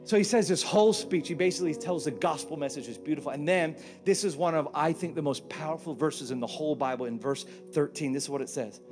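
Animated pastor preaching. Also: male voice, on the high side, fast, few pauses, music in the background. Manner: animated, joking, acts out quotes in put-on voices. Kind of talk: sermon. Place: church stage.

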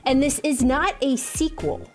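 A young American woman co-hosting a casual chat, gushing and excitable. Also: sits high, unhurried, faint music behind. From United States. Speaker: co-host.

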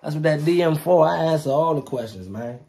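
A man's voice: a little high, lively intonation, a little fast, vocal fry, noisy background. Hyped-up slangy young man showing puppies. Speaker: dog breeder showing puppies. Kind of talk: casual vlog talk to viewers.

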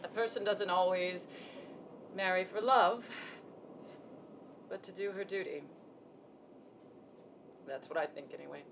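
An actress gives us a caring older sister who talks slowly and tenderly. Her voice comes from a distance on a live stage, with a steady noise under it. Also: fairly low pitch, gravelly. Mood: tender, advising. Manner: soothing, tender. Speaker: stage actor. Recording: distant stage mic, noisy.

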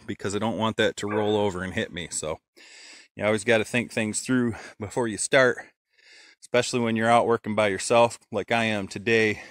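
A man's voice: on the low side, fairly bright tone, no echo. A man casually explaining his sawmill work outdoors, thinking aloud with many fillers. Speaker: homesteader showing sawmilling. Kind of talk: casual how-to narration. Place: outdoors at a log pile.

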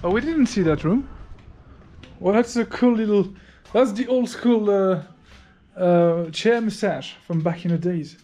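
A man's voice: high voice, a little slow, warm tone, poor audio. A man from France with a French accent, chatting casually and joking at his own expense as a travel vlogger while walking around outdoors. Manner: chatty, upbeat, self-mocking. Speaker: motovlogger host. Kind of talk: casual vlog walk-and-talk. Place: outdoors at a museum and temple.

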